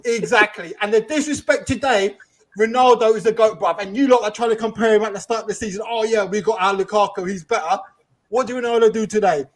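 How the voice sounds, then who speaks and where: A man calling in to a football fan show, mocking the host in rapid slang. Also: high-pitched. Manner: mocking, rapid slang-heavy trash talk. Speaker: caller. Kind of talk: heated fan phone-in rant.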